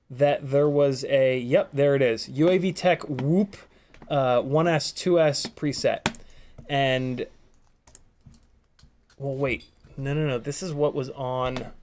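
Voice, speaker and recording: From a home workspace, a man hosts a casual live stream, chatting, joking, and reading viewer comments aloud as he works. His easygoing voice is on the high side and a little mellow.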